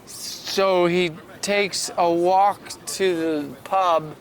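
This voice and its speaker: A man improvising a silly comic story with halting, filler-filled talk, outdoors in a park. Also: sits high, steady tone.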